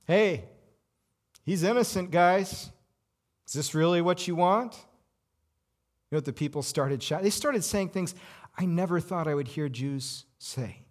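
A troubled Roman governor, as a man acts him out, speaks in a dramatic first-person monologue. He is intense and pushes rhetorical questions at the listener. His male voice sits a little high. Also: lightly acted. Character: anxious Roman governor, a cornered middle-aged man.

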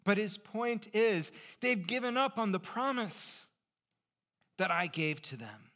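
A middle-aged man preaching a sermon as pastor, conversational, asking rhetorical questions and shifting between quiet asides and emphatic points. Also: high-pitched, expressive, slow.

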